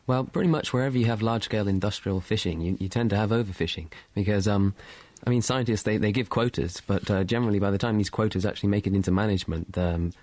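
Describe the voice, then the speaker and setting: A man's voice: lowish voice, fast talker, few pauses, a little mellow, dry recording. A male marine scientist answering interview questions in a studio, talking in a hesitant way with many restarts. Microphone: studio microphone.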